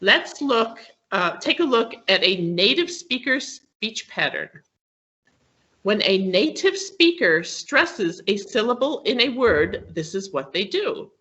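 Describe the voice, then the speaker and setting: Slow and forceful, with a bright mid-range voice that swings widely in pitch, a woman leads an online English pronunciation session on word stress. She appears as a guest on the call, patiently breaking things down and regularly checking "okay?" with her students, all through muffled lo-fi audio.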